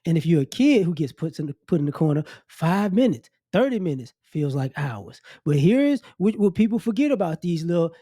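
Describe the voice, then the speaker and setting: Blunt scolding man, high voice. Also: warm tone, dry recording, studio quality. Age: adult. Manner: blunt, scolding, mocking, repeats himself. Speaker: commentary channel host. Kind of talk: opinion rant to camera.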